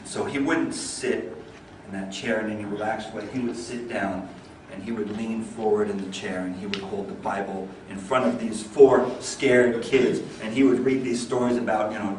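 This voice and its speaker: A man giving a storytelling speech at a speaking club, swinging from lively and loud to low and hushed. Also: moderate pace, few pauses, slight background noise. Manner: animated, builds up energy then drops low. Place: meeting hall. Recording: echoey hall, mic far off.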